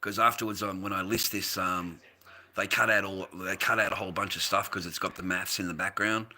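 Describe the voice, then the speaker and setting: A man's voice: low-pitched, steady tone, fairly quick, bright, forceful tone. A man with an Australian accent who grew up in the United States, chatting on a livestream and answering viewers in a profane, combative way. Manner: profane, combative, swears constantly.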